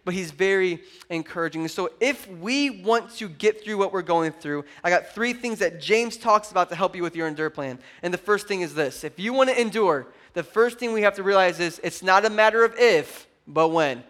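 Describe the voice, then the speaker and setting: A man in his thirties preaches to his congregation in a high, lifted voice. He is animated and conversational, teasing the crowd and joking between points. His delivery moves from loud calls to the room down to quiet, intimate asides. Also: moderate pace, hardly any pauses. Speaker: pastor. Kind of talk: sermon.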